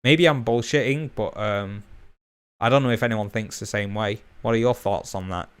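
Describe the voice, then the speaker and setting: Fast-talking Bolton-accented young man. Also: on the low side, smooth. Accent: Bolton, northern English. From England. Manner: quick rambling talk with fillers and swearing. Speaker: YouTuber. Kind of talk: casual chat to camera.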